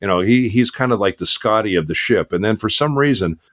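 Older male guest, low voice, relaxed anecdotal delivery, lots of "uh". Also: fairly quick. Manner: relaxed storytelling with many fillers. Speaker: voice actor guest. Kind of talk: casual interview chat.

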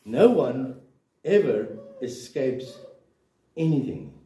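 A man's voice: medium pitch, big pitch swings, slow, warm tone. A man preaching a sermon as a pastor, emphatic and full of rhetorical questions. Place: church hall. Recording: echoey room, voice from a distance.

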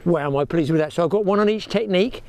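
Fast-talking and high-voiced with a darkish tone, this middle-aged man fishes at a windy lakeside while chatting to viewers he calls "people" and "boys." He's a fishing vlogger giving casual commentary to camera outdoors on the bank, using a clip-on mic with a lead.

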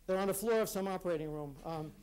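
A man with a fairly high voice giving a personal, reflective talk before a conference audience. He speaks earnestly and haltingly, often restarting his sentences. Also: darkish tone, clean tone. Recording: live talk in a hall.

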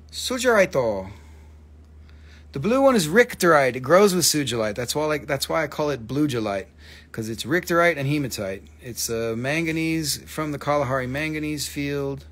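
A man with a husky, fairly bright mid-range voice hosts a casual live stream selling minerals, recorded on a phone mic. He talks loosely and jokes around, swearing now and then and spelling out the names of stones.

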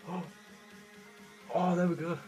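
A man calmly reacting to a video game pack opening. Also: high voice, slow pace, soft background music. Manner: calm, understated.

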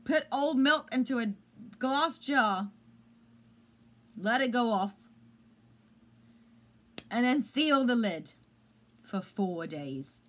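A woman's voice: a little high, animated, slow, pauses often, a bit bright. A woman chatting casually in a home vlog, rambling and self-deprecating, with a squeamish streak. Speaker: vlogger. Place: home room.

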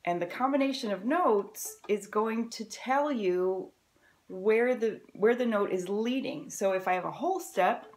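A woman's voice: medium pitch, unhurried, noisy background. An upbeat woman teaching violin straight to camera. She walks through her points one by one and keeps the tone friendly and encouraging. Her voice sits in an ordinary middle register. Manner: upbeat, encouraging, explains step by step. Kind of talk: friendly music lesson to camera.

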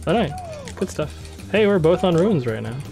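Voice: medium pitch, big pitch swings, normal speed, a little mellow. Joking speedrun streamer over game music. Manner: playful, joking banter. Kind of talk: casual live-stream commentary while racing.

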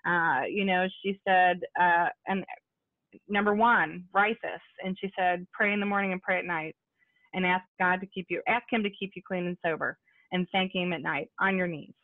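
Speaking at a moderate pace in a lowish, fairly even voice, an American woman gives personal testimony about her recovery during a video-call support meeting. She talks conversationally, with many fillers and asides. There's no room sound, just tinny, phone-like audio.

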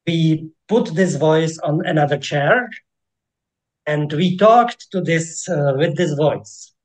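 A man with a Czech accent, a coach giving a workshop talk, speaking haltingly with many fillers and restarts. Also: fairly high pitch, expressive, darkish tone, poor audio.

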